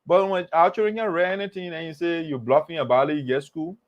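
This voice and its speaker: A man hosting a political talk show, animated and mocking, repeating phrases for emphasis. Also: fairly high pitch, fairly quick, lo-fi sound. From Liberia. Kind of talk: political commentary monologue.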